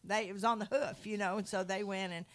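A woman in a Christian conversation, teaching from the Bible with animated storytelling and acted-out quotes. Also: medium pitch, fast talker. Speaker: Christian speaker.

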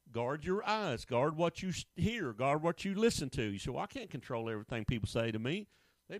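A man's voice: on the high side, dry recording. A middle-aged man preaching a sermon in a folksy, emphatic way, full of rhetorical questions. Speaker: pastor.

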